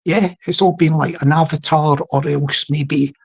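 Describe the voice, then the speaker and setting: A Scottish man hosts a comedic livestream, giving rambling live commentary in a chatty style with repeated words and frequent restarts. His fairly high voice is creaky and slightly rough, with fairly even intonation and a measured pace, on a rough recording.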